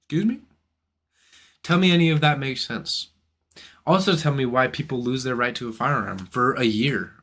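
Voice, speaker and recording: Indignant profane young man ranting. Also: a little high. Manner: indignant, profane, rhetorical questions. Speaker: philosophy channel host. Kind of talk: ranting monologue to camera.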